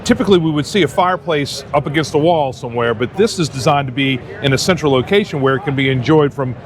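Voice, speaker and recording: A man's voice: fairly high pitch, fast. Chatty man hosting an expo walkthrough. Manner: friendly, chatty, says y'all. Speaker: show host interviewing exhibitors. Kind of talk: casual trade show walkthrough. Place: busy expo hall.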